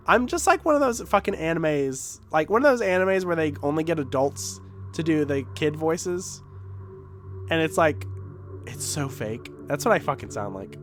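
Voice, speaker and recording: A man's voice: fairly high pitch, very animated, normal speed, fairly bright tone, soft background music. A man streaming a video game, making profane, joking comments as he plays. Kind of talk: casual let's-play commentary.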